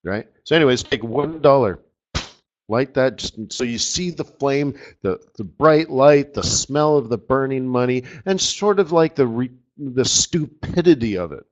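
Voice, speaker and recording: A man's voice: medium pitch, expressive, measured pace. A man giving a live trading webinar in a casual, rambling, joking way, often checking in with "right?". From Canada. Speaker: forex market strategist presenting a webinar. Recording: slightly muffled webinar audio.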